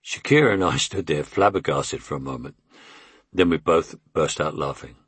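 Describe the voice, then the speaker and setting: A man's voice: very deep voice, normal speed, a bit bright, husky, no echo. A man in his eighties with a London Cockney accent, reading his memoir in a wry, conversational way. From England. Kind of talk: audiobook memoir narration.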